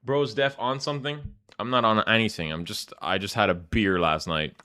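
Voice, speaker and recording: A man's voice: on the low side, steady tone, normal speed, pushed and bright, smooth. A young man talking through his chess moves on a live stream in a loose, casual way. He jokes, brags in mock grandeur and pokes fun at himself. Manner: joking, mock-boastful, self-mocking.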